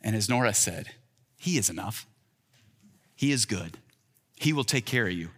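In a lowish, expressive voice that is a bit bright with a breathy edge, a man in his thirties preaches an earnest sermon as a pastor at normal speed. He raises his voice when acting out quoted lines. Long reverb from a large hall fills the recording.

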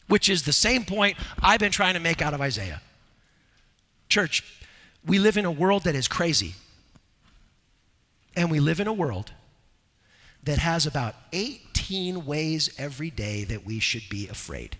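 A man preaching an expository sermon as pastor, moving between loud, urgent exhortation and low, quiet earnestness. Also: sing-song, unhurried, long pauses, in a large hall. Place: church sanctuary.

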